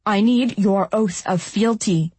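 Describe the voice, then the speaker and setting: A woman's voice: medium pitch, slow, darkish tone, husky, no room sound. A woman voicing a mysterious young male fallen angel who talks in a lazy, mocking, commanding way in a storybook reading.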